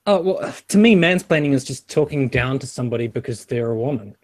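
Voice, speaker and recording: A man's voice: medium pitch, animated, brisk, no room sound, studio quality. A man in a casual online debate, talking loosely with lots of swearing and filler words over a voice call. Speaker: channel host discussing feminism.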